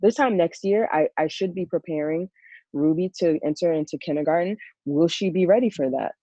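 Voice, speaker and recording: A woman, a working parent, talking in a casual chat in a reflective, worried way, with many halting restarts. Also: sits low, warm tone, dry recording, lo-fi sound. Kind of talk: casual podcast conversation.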